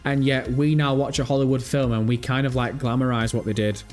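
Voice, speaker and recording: A man chatting on a live stream, lively and loose, thinking out loud and cursing freely. His voice sits at a mid pitch, with faint music underneath. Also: brisk. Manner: animated, swears freely, thinks aloud. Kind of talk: casual live-stream chat.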